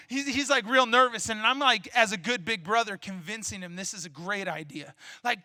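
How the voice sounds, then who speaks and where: High-voiced, animated male preacher. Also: moderate pace, no room sound. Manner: animated storytelling, bursts of shouting. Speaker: pastor. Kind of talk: sermon.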